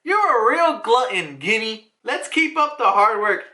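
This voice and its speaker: Woman doing a big gentle guy, low soft voice, calm and kind, still kinda bright. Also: unhurried, heavily acted. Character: huge gentle kind man, soft-spoken.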